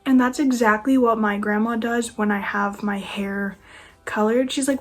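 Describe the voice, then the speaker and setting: A nineteen-year-old woman vlogger rants casually to camera, sounding sarcastic and exasperated. Her voice is on the high side, with fairly even intonation and a moderate pace.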